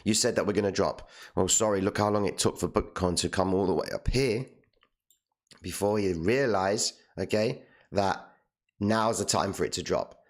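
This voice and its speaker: Hoarse, low-voiced male streamer; passionate live market commentary. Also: moderate pace. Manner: passionate, tags lines with "okay?" and "all right?". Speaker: trading live stream host.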